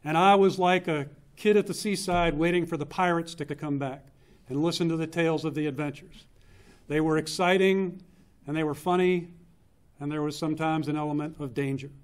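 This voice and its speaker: A man in his fifties gives a eulogy for his older brother in a funeral home chapel, telling family stories in an earnest, unhurried way with pauses for effect. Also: a little high. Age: 50s. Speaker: eulogist, younger brother of the deceased. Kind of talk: memorial eulogy, personal storytelling.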